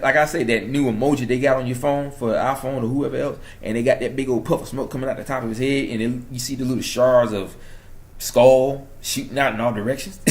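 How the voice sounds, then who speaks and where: A young man with a New York accent, hosting his own channel and talking straight to his viewers in an excited, preachy monologue that swings from loud to hushed. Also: mid-range voice. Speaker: channel host.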